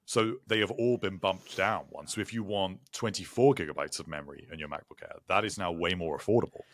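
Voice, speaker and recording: A man co-hosting a tech podcast, explaining things in a measured, informative way. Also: low voice. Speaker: podcast co-host. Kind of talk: casual tech chat.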